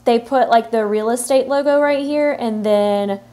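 A woman hosting a software tutorial, explaining each step in a relaxed way and thinking aloud with fillers as she works. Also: fairly high pitch, a little slow. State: has the hiccups. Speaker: tutorial host. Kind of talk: screen-recorded software tutorial.

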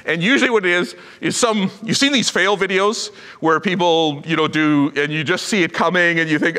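Middle-aged pastor, high bright voice, animated storyteller, long hall echo. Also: male voice, brisk, hardly any pauses. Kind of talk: sermon. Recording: reverberant church hall.

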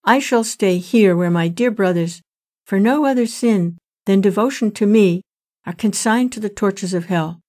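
A woman reading the lines of a righteous king who speaks in deep anguish and then indignation, in a storybook retelling. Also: normal speed, dark tone, lightly acted. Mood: indignant. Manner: pleading then indignant questioning. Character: anguished righteous king, middle-aged man.

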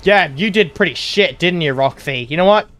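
A man's voice: high voice, animated, normal speed, fairly bright tone, a little hiss or hum. A man giving casual gameplay commentary, sarcastic and swearing at the game's characters. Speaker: gaming YouTuber.

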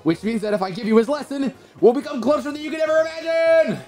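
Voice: high voice, fast talker, over music, pitched above the performer's own voice, natural voice. A streamer voicing a brash, hot-headed female warrior who leads a royal guard, reading video game dialogue aloud. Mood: excited. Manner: brash, loud and teasing.

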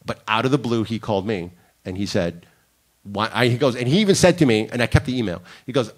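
Lively man telling career stories. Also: medium pitch, fast talker, few pauses. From Miami. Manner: animated storyteller, acts out quoted lines. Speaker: guest director. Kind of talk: panel conversation, storytelling. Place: conference room.

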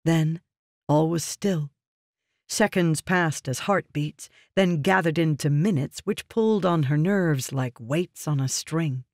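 A man narrating a fantasy novel in a steady, measured storytelling manner. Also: on the high side, no echo, studio quality. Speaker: audiobook narrator.

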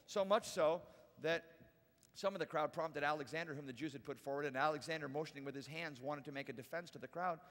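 High bright-voiced preacher in a hall. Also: male voice, fast talker. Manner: casual, conversational preaching with crowd asides. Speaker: pastor. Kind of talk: sermon. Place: large church auditorium.

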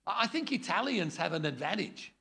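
Gravelly, lively man teaching. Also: high voice, moderate pace. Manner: blunt, jokey, demonstrates tones of voice. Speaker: preaching trainer. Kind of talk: teaching a preaching workshop.

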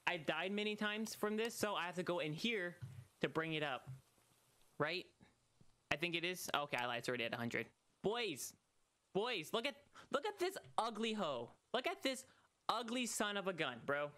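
Young male game streamer, bright crisp voice, teasing singsong banter with sudden excited yelps. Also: normal speed. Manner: chatty and teasing, calling out to the ghost in a singsong; bursts into high excited shouts. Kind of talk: solo gaming livestream.

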